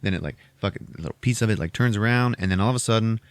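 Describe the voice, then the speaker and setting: A podcast host retelling a movie plot in a casual, profane, animated way, jumping into voices for the characters. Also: male voice, lowish voice, racing, clear, resonant tone, no echo.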